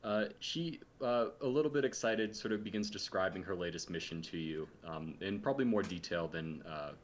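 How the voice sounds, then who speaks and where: A man with a low voice narrates a tabletop role-playing game as game master. He speaks hesitantly and fills his pauses with ums and uhs. A faint hiss sits behind him.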